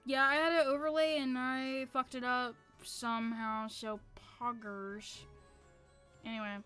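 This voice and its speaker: Streamer woman: high-pitched, easygoing slow pace, loose and profane, faint music behind. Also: flat delivery, bright, forceful tone, clean tone. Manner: loose, profane, self-mocking. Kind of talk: casual live-stream chat.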